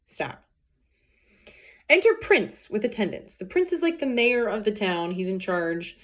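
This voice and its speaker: A woman's voice: medium pitch, big pitch swings, moderate pace. A woman teacher reading a play aloud and explaining it in casual, plain modern words. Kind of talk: read-aloud lesson with explanations.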